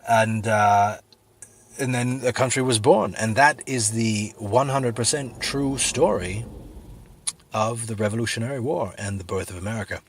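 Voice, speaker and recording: A middle-aged man telling a rambling comic story full of fillers, with a husky voice. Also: fairly low pitch, normal speed, a little hiss or hum. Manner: rambling, filler-heavy, deadpan, then sincere. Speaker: comedic video host.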